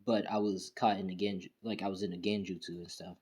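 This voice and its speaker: A man voicing a huge, gruff and wary male fox spirit in a casual retelling, in his own plain voice. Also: low-pitched, flat delivery, quick pace, darkish tone, voice pushed down, close to an everyday voice.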